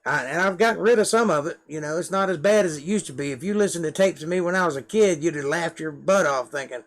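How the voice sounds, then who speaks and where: Talking quickly with few pauses, this middle-aged musician and live-stream host rambles to camera in a slightly high voice. His Georgia Southern drawl carries a casual, self-deprecating chat.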